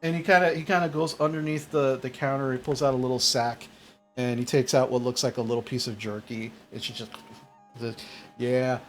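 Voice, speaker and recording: A man's voice: mid-range voice, steady tone, brisk, soft background music. A man narrating a tabletop game as game master, casual and full of fillers.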